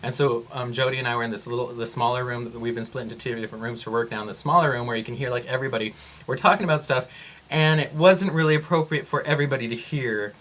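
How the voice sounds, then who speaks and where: A man vlogging to camera, telling a story in a rambling, excitable way with frequent exclamations. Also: mid-range voice, fast.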